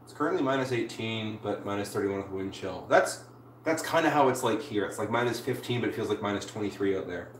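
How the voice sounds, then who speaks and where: A woman's voice: a bass voice, animated, fast talker. A woman from Canada live-streaming from home, chatting casually with viewers as she builds. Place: home room. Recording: roomy, distant mic with faint hiss.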